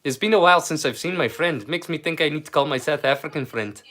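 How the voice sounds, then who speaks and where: Scottish man, high voice, rambling live-stream host chatting with viewers, swears freely. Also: quick pace, pushed and bright. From Scotland. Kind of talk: casual live-stream chat.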